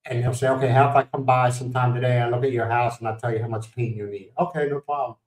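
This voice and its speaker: A man's voice: medium pitch, fairly even intonation, quick pace, distant mic. Rambling American man, echoey and off-mic. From United States. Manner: rambling storytelling, greets viewers by name, laughs often. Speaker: livestream host. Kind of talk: casual chat.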